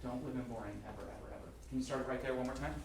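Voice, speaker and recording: A man coaching a choir in rehearsal, joking and energetic, sometimes singing short phrases to demonstrate and bursting into loud praise. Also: mid-range voice, very fast. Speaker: choir clinician. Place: large rehearsal hall or auditorium. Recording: echoey hall, mic from far off, music. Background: choir and piano.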